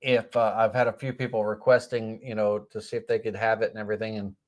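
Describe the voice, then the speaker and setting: A man's voice: lowish voice, flat delivery, quick pace. A middle-aged man with a slight cold hosting a live woodworking tutorial stream, rambling with many fillers and self-corrections. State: has a cold, occasional coughs.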